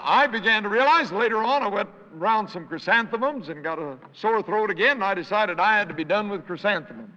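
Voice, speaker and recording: An older man with a hoarse voice, a traveling evangelist telling folksy stories in a sermon and acting out the people he quotes. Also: sits high, sharp tone. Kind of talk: anecdotal sermon storytelling with jokes. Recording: reverberant hall, dull lo-fi sound.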